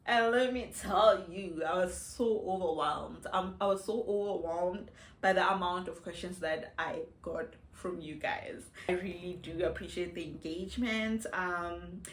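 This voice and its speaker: A woman's voice: lowish voice, measured pace. A South African woman in her thirties, chatting playfully to the camera and laughing often in a casual get-to-know-me vlog shot on a phone. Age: 30s. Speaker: vlogger. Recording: echoey room.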